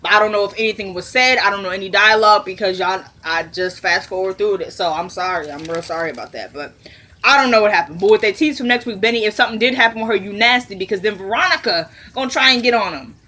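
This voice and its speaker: A woman casually recapping a TV episode for her viewers, acting out the characters' lines in quick voices, laughing and dropping into low asides. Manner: animated, laughs and squeals when amused.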